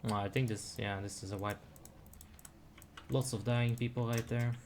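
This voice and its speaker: A man's voice: medium pitch, steady tone, moderate pace, darkish tone, a little hiss or hum. Chatty young man streaming a raid. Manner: chatty, self-deprecating, muttering asides. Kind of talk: casual gameplay commentary.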